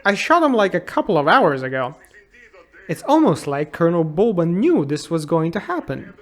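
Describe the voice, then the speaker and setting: Man, 30s, high voice, sarcastic, incredulous, comedic game review narration. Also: big pitch swings, moderate pace.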